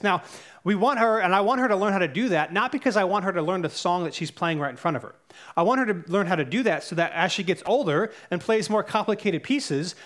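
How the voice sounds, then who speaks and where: A man's voice: high-pitched, fairly bright tone. Earnest man preaching a sermon. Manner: earnest, conversational preaching with fillers and self-corrections. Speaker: pastor.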